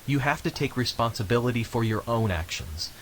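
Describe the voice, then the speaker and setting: An actor voicing a calm male health official, giving measured, instructive advice in a scripted game voice-over. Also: medium pitch, slight background noise, lightly acted, poor audio.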